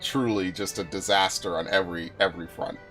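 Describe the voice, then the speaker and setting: A man's voice: sits low, fairly quick, soft background music. A young man streaming a game, telling stories in casual, profane chat with a friend. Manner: animated, profane storytelling.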